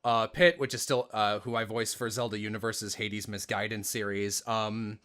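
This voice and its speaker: A man's voice: lowish voice, steady tone, moderate pace, a bit bright. A young man hosting a podcast about voice acting, chatting casually with a self-deprecating manner. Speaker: podcast co-host, voice actor. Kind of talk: casual chat.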